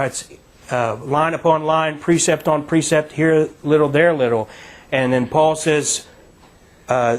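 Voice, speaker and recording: A man leading a Bible study in a conversational, emphatic teaching style, asking listeners to read verses aloud. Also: a little high.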